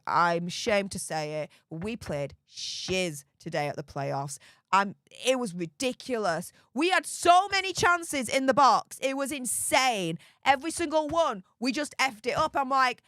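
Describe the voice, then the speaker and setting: Chatty English woman, smooth voice. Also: mid-range voice, normal speed, no room sound, clean studio sound. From Yorkshire, England. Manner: chatty, rambling and excitable, with many fillers and mild cursing. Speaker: live stream host. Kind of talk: casual live stream chat.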